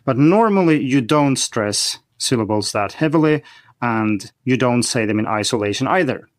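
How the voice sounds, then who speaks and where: A man's voice: medium pitch, animated, normal speed, dry recording, studio quality. A man speaking as a podcast guest, explaining a language-learning topic in a methodical, teacherly way. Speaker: guest expert on learning Chinese. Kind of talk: podcast conversation.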